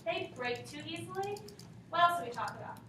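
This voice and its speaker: A woman's voice: extremely high pitch, expressive, fairly quick, bright, forceful tone, a little hiss or hum. A woman teaching a class, reading and questioning her students, prompting them for answers. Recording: echoey classroom from far off.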